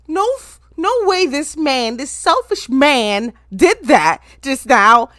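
High bright-voiced woman ranting. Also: slow, few pauses, no room sound, clean studio sound. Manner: profane, excitable, ranting at viewers. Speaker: anime reaction host. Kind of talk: casual reaction commentary.

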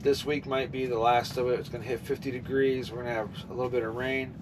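Excited ice-fishing man, off-mic. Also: mid-range voice, fast talker. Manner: excited, talks to viewers while ice fishing. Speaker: fishing vlogger. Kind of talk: casual outdoor commentary. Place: outdoors on a frozen lake. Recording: outdoor wind noise, distant mic.

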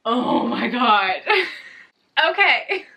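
A young woman vlogging about a book she is reading, talking in a gushing, highly emotional way and quick to laugh. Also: very animated, vocal fry, bright, forceful tone. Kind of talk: casual chat recapping a book.

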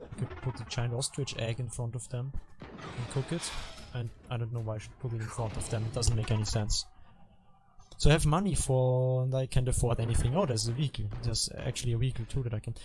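A man talks loosely over his gameplay, drifting between jokes and complaints in a rambling, self-mocking way. His voice sits at an ordinary middle pitch for a man. Game music runs clearly beneath him. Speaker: gameplay commentator. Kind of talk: casual gaming commentary. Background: game music and effects.

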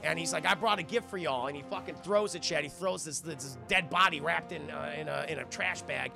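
A man's voice: on the high side, brisk, vocal fry, music in the background. A young man chatting casually on a livestream, rambling and swearing as he animatedly acts out quotes while reviewing a film into a close microphone.

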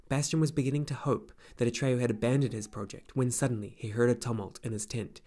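A man reading a fantasy novel aloud as an audiobook narrator, in an even, measured way. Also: medium pitch. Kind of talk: scripted narration.

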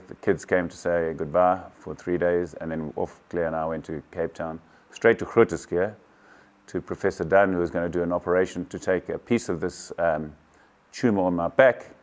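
A man in his sixties from South Africa, candidly recounting a personal story to camera in a matter-of-fact way. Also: low-pitched. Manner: candid, matter-of-fact, quotes others in dialogue. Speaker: kayaking champion telling his story.

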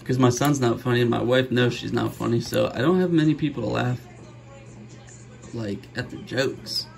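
Excitable middle-aged man opening card packs. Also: medium pitch, moderate pace, creaky, low-quality recording. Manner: excitable, joking, bursts of gasps and laughs. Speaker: card-opening channel host. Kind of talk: casual pack-opening commentary.

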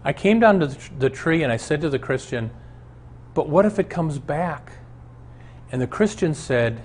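A man's voice: a little high, animated, moderate pace, darkish tone, slight background noise. A male pastor giving an earnest, emphatic Bible teaching and telling stories from his own life. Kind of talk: teaching sermon on a Bible show.

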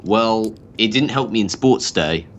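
A man's voice: fairly low pitch, expressive, unhurried, a little hiss or hum. A man from Australia chatting casually as a co-op gaming partner, dry and teasing. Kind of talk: casual gameplay chat.

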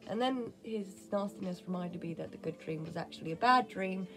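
A woman's voice: fairly low pitch, fairly quick, over music. A young woman venting in a casual home vlog, blunt and full of swearing. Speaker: vlogger. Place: home, kitchen.

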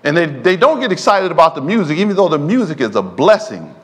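A man's voice: fairly high pitch, big pitch swings, fast talker. A man preaching a sermon in a church, drawing call-and-response from the congregation. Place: church sanctuary. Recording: long hall reverb in a church.

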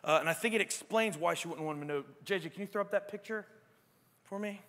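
A man preaching a sermon as pastor, emphatic and swinging between quiet reflection and loud exclamation, often asking "right?". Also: high-pitched, quick pace, big-room sound. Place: church sanctuary.

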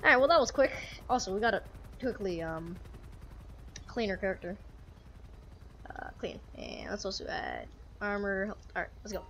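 A woman's voice: mid-range voice, very animated, moderate pace, long pauses, fairly bright tone, a little hiss or hum. A woman giving casual, chatty commentary while playing a police game, often laughing and talking to the characters. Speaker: gamer playing a police sim.

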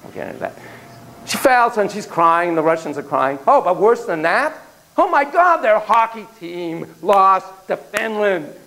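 A man gives a theatrical, animated lecture to a class, shifting from hushed remarks to loud exclamations and constantly asking students questions. His voice sits high and keeps a measured pace, though the audio is poor.

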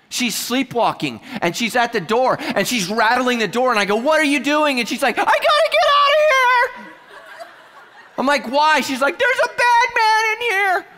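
A man preaching a sermon as pastor, telling stories with humor and lively asides. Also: on the high side, big-room sound. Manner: humorous, animated storytelling with asides.

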